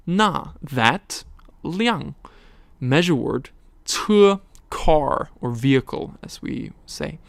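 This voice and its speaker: A man teaching a recorded language lesson, slowly explaining words, tones and examples. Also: on the high side, lively intonation, gravelly, no echo.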